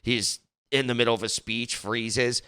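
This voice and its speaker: Bright, smooth-voiced man rambling on politics. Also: medium pitch, steady tone, measured pace. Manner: rambling, frequent restarts and stumbles. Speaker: political commentary host. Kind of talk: casual political commentary.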